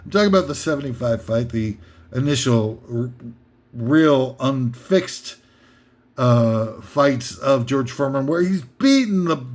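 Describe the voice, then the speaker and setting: An American man hosting a comedic top ten list, rambling and interrupting himself, now and then shouting out impressions. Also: medium pitch, expressive, measured pace.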